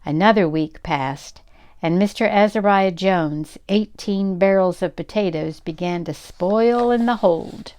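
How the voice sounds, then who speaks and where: An older woman reading a children's novel aloud in an unhurried, gently expressive way. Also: medium pitch. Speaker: read-aloud storyteller.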